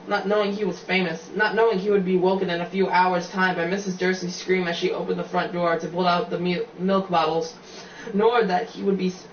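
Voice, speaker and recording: A man with a fairly high voice reads a novel aloud, often tripping over words and starting lines again. He sits back from the mic in an echoey room, and the sound is dull and muffled with faint noise behind. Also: recorded from a distance. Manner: stumbling reading with frequent slips and restarts. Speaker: reader.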